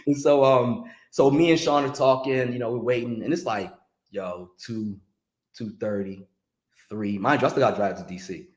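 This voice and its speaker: Animated storytelling man, roomy echo. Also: mid-range voice, normal speed. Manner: animated, acts out other people's lines. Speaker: podcast guest, music industry veteran. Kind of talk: casual storytelling.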